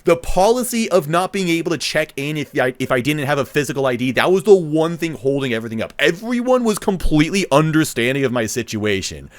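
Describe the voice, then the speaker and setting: A man's voice: on the high side, big pitch swings, brisk, hardly any pauses, no room sound. A young man casually telling a long story to camera, rambling with many fillers and restarts and quoting what people said. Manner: rambling, lots of fillers and restarts, nervous laughs; acts out others' lines in quoted voices. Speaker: vlogger recounting a festival trip.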